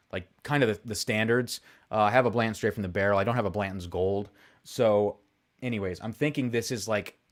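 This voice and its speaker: A young man with a somewhat low voice chats casually to his live audience. He rambles, thinks aloud and pokes fun at himself, with plenty of fillers along the way. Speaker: whiskey livestream host. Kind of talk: casual live-stream chat.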